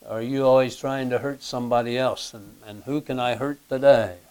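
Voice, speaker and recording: A man preaching a sermon in a plain conversational way, often clearing his throat and putting questions to his listeners. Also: medium pitch, steady tone, brisk, darkish tone. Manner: asks the listeners rhetorical questions. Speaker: pastor.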